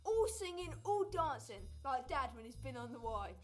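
A woman's voice: sits high, big pitch swings, moderate pace, soft background music. A woman in a church drama sketch playing a trader's cheeky young son, who tells the story eagerly.

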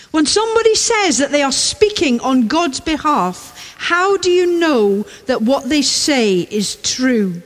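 A preacher with a high voice delivers a sermon unhurriedly, her pitch swinging widely as she repeats key lines for emphasis. The long reverb of a large church carries her voice.

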